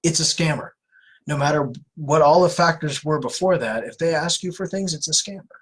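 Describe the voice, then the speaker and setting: Husky-voiced man giving casual advice. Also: fairly high pitch, brisk, a bit bright, poor audio. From California. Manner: earnest, conversational, many fillers and restarts. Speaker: host of anti-scam live Q&A. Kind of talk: casual live-stream advice.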